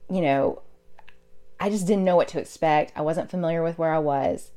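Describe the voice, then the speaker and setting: A woman's voice: low-pitched, normal speed, dark tone. A woman, a nurse, recounting her experiences as a guest in a casual interview, in an earnest and emotional way.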